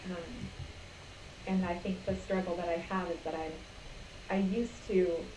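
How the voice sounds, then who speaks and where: A woman shares her experience with a meditation group over a video call, reflective and hesitant. Her voice is fairly low, and the room echoes. Steady background noise sits under her. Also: unhurried. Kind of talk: sharing in a group discussion.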